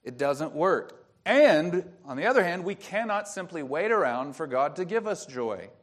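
A man's voice: on the high side, sing-song, normal speed. A man preaching a sermon as pastor, explaining the grammar of a Bible verse and asking rhetorical questions.

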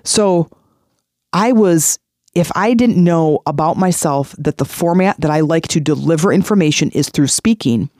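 A man's voice: on the high side, darkish tone, no room sound, clean studio sound. A man in his forties hosting a podcast, giving earnest motivational self-help advice in a conversational way and repeating phrases for emphasis. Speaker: podcast host.

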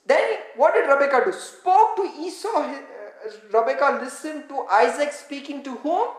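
A woman's voice: sits high, expressive, normal speed. A woman preaching a sermon, reading scripture aloud and having the congregation repeat words back to her. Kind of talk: interactive sermon, teaching with call-and-response. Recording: echoey room.

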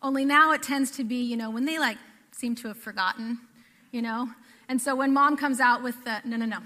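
Bright-voiced woman preaching in a hall. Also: a little high, steady tone, moderate pace. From Pacific Northwest. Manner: earnest, conversational with repeated phrases. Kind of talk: sermon. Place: church sanctuary.

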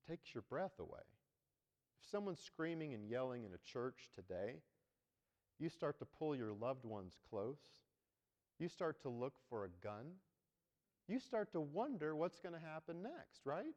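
A man's voice: a little high, a little mellow. A man preaching a sermon as pastor, talking to the congregation conversationally and checking in with "right?". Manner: conversational, tags points with "right?". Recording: long hall reverb.

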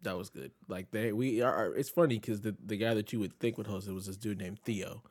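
A man's voice: on the low side, a little fast, darkish tone, dry recording. A man hosting a podcast in a laid-back, teasing casual chat. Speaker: podcast host.

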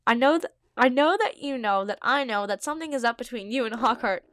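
A woman voicing an earnest young tomcat fleeing his clan, in a fan story read aloud, in an earnest, slightly lowered storytelling voice. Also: lively intonation, brisk, fairly bright tone, dry recording, clean studio sound.

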